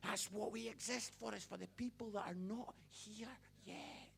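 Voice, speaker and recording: A middle-aged man preaching a sermon, telling stories passionately and building to near-shouts. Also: high voice, fairly even intonation, normal speed, creaky, a little hiss or hum.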